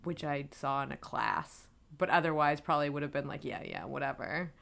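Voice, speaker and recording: A woman's voice: deep voice, flat delivery, fairly quick, vocal fry, a bit bright. A woman co-hosting a podcast, chatting casually and enthusiastically about old films, with lots of "like" fillers. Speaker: podcast co-host. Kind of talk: casual film discussion.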